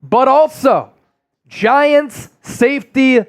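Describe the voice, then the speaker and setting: A man's voice: very high voice, extremely slow, no room sound, studio quality. A man hosting a live sports stream, reading sponsor copy and viewer super chats with energy. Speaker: sports show host.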